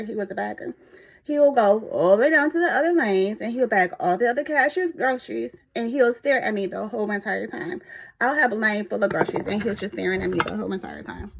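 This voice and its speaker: A woman telling a personal story in a casual, animated way at a church gathering. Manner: animated, acts out others' voices in high pitch. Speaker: storyteller sharing her life story.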